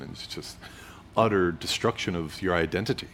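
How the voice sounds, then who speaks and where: A very deep-voiced man in his thirties or forties talks through his writing as an interview guest. He is reflective and playful and acts out little quotes. A faint hum of ambience sits behind him. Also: a little fast, hardly any pauses, fairly bright tone. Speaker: author guest. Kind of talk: conversational interview.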